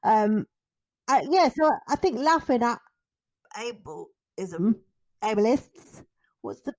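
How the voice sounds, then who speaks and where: A woman co-hosting a podcast, talking candidly with dark humour and lively storytelling. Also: on the high side, slow. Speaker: podcast co-host. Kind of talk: casual conversation.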